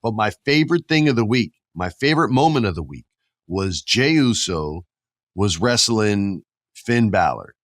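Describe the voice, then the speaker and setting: A man's voice: lowish voice, expressive, moderate pace, no room sound, studio quality. A man hosting a casual podcast chat, telling stories animatedly and acting out quotes and sound effects. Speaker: podcast host.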